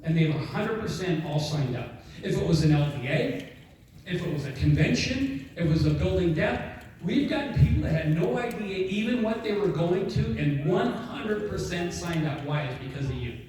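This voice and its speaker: A man giving an energetic motivational talk to an audience, telling stories and acting out both sides of a conversation. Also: on the high side, moderate pace, slight background noise. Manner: energetic storytelling, acts out dialogue. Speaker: network marketing speaker. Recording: echoey hall, mic from a distance.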